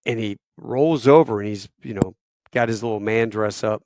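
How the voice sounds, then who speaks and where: A man in his fifties, a retired Marine officer guesting on a podcast, telling war stories in a lively, profane, casual way. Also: lowish voice, normal speed, no room sound, studio quality. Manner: animated, profane storyteller.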